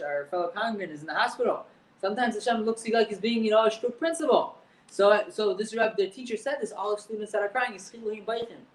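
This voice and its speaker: A rabbi with a high voice leads a class, translating old Hebrew lines and circling back on his words as he explains them. He is heard from a distance in a room that echoes. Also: a bit bright. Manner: explains Hebrew text line by line, repeats words.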